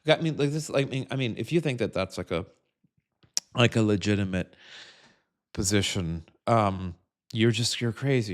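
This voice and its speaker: A man from the United States speaks in a somewhat low voice as he rants directly at his audience. His delivery is heated and profane, with constant fillers and restarts that break up his sentences. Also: moderate pace, pauses often. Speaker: political commentator. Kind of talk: direct-to-camera rant.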